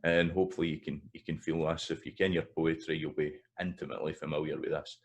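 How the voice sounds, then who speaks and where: A Scottish man with a very low voice walks through a pronunciation lesson in an easygoing, unscripted way. He hesitates, restarts and fills pauses as he goes, and now and then sounds out rhythms syllable by syllable. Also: vocal fry. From Scotland. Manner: relaxed, hesitant, many fillers and restarts. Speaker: language teacher. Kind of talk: explanatory video lesson.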